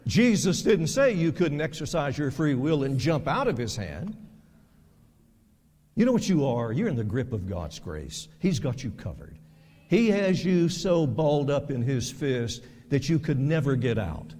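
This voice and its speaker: A pastor delivering a sermon in a mellow, warm voice, his words ringing out with a long echo through a large church sanctuary. He preaches emphatically, hammering words through repetition and swinging from loud peaks to low, quiet drops. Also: very animated, measured pace. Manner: emphatic preaching with sharp swings in loudness and pitch, repeating words for stress. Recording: long reverb of a large hall.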